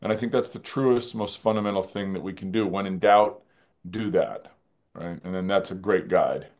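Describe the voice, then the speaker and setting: A man's voice: low-pitched, normal speed, darkish tone. A man, a film director as guest, talks in a reflective interview, earnest and musing, often repeating phrases.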